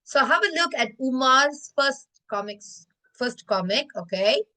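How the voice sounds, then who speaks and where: A woman's voice: high-pitched, lively intonation, unhurried, pushed and bright, rough recording. A woman teacher, talking to her class and slipping between English and Malay with frequent fillers. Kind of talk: classroom lesson, reviewing student comics.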